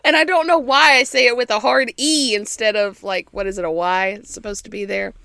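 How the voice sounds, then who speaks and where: A woman's voice: mid-range voice, fairly even intonation, brisk, creaky, bright, forceful tone, dry recording. A woman co-hosting a history podcast in casual chat, giggly and self-mocking, rambling a bit. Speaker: podcast co-host.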